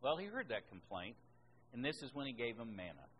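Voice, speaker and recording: A man preaching a sermon at a middle pitch, reading scripture aloud between his own points. He presses hard on key words, lifting his voice high and loud before dropping back. A faint hiss sits under the recording. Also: very animated, brisk, muffled recording. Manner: emphatic, rises in pitch and volume on key words.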